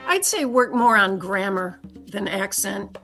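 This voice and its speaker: A woman's voice: mid-range voice, big pitch swings, measured pace, loud music behind the voice. An older woman with a Michigan accent, reminiscing in a casual interview and chuckling easily. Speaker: listener guest.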